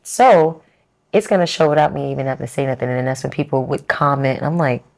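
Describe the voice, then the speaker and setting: A woman's voice: extremely low pitch, fast talker, gravelly, darkish tone. A woman talking candidly as an interview guest, telling stories with animation and acting out her own past words. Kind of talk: candid casual chat.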